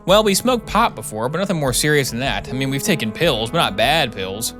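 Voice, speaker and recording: A man's voice: medium pitch, expressive, fairly quick, over music, lightly acted. A man voicing a sheepish teenage girl. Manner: sheepish, evasive confessing.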